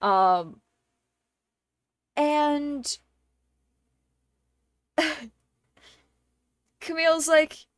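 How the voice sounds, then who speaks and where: A young woman streamer casually telling a story to her chat, exasperated and animated, with swearing and fillers. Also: high-pitched, takes it slowly, pauses often, no echo. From Canada.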